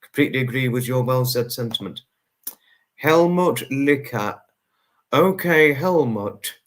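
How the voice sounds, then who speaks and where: A man hosts a live stream and reads out his chat, greeting and thanking each viewer in turn. His voice sits at an ordinary medium pitch. He is effusive and repeats himself, slowing down to linger on people's names. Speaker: livestream host.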